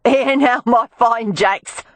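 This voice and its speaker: An audiobook narrator voicing a drunken, teasing Cockney woman of the streets, calling out loudly. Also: medium pitch, slow pace, no room sound, pitched above the performer's own voice. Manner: loud, cackling, teasing.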